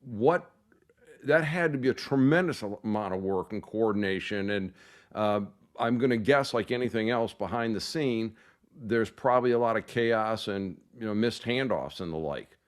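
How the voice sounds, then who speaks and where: Low-voiced male interview host. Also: animated, moderate pace. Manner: long wandering questions with fillers. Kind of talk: casual interview questions.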